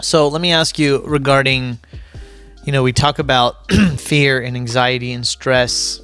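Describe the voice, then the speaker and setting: A man with a mid-range voice hosts a podcast interview, asking questions calmly. He chimes in with brief, encouraging affirmations. Faint music plays behind him. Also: medium pitch, unhurried, smooth. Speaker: podcast host.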